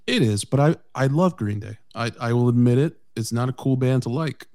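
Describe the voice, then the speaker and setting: Mid-pitched dude reminiscing easy and low-key, dry close sound. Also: male voice, fairly quick, no echo. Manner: relaxed, reflective, self-deprecating. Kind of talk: casual chat.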